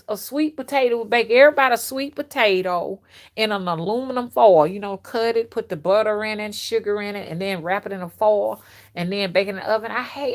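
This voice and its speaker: A middle-aged woman, chatting and telling childhood stories to a live chat on her phone, outspoken and animated. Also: mid-range voice. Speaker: livestream host and rootworker. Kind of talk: casual storytelling to a live chat.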